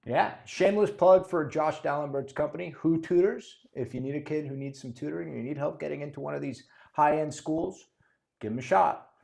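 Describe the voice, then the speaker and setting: A man's voice: on the high side, a little fast, gravelly, darkish tone. A man co-hosting and moderating a real estate podcast, joking around and then laying out topics. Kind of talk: casual podcast talk.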